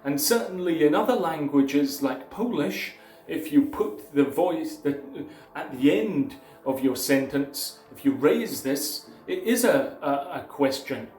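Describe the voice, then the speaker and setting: A man gives advice to his video viewers in an unhurried, explanatory way, sometimes restarting a phrase. His voice sits slightly high and the room rings with echo. Soft music plays faintly behind him. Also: lively intonation. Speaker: YouTube presenter. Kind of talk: casual advice talk to camera.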